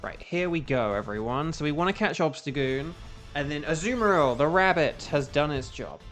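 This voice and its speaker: A man's voice: a little high, lively intonation, moderate pace, a bit bright, soft background music. Chatty English man streaming a game. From England. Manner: chatty, rambling, hums to himself while playing. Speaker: gaming streamer. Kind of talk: casual live-stream chat.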